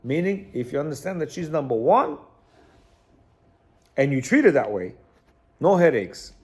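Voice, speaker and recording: High-pitched, animated male teacher. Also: normal speed. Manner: animated, repeats phrases, checks in with listeners. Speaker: religious class teacher. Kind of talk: reading and explaining a text to a class.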